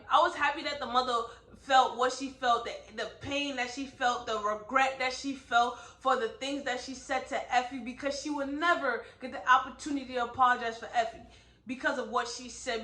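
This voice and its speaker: A woman's voice: high-pitched, pushed and bright. A woman giving a casual book review on her vlog, talking emphatically and peppering her speech with "like" and "right?". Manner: emphatic, heavy use of "like" and "right?". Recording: echoey room.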